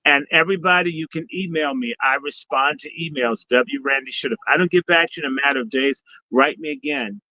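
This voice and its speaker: Fast and with few pauses, a man with a highish, pushed, bright voice speaks as a guest on a live stream, peppering preachy blessings with profanity. He's a guest speaker and summit organizer. The video-call recording is dry, dull, and lo-fi.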